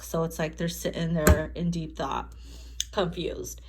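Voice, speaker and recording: A woman's voice: sits low, little pitch movement, measured pace, noisy background. Chatty, cursing woman reading tarot. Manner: chatty, profane, acts out quotes, laughs often. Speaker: tarot reader. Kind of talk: casual tarot reading to camera.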